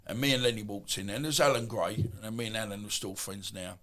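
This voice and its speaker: Gravelly, low Essex man in his fifties. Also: fast. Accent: Essex English. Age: 50s. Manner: rambling, animated, full of asides and restarts. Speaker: podcast guest. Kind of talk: casual storytelling.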